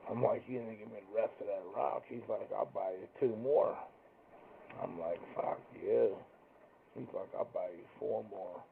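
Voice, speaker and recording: A man's voice: fairly low pitch, normal speed, gravelly. A man telling crude stories in a blunt, profane way, acting out both sides of each exchange. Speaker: storyteller. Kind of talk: crude casual storytelling. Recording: tinny phone-like recording with faint noise.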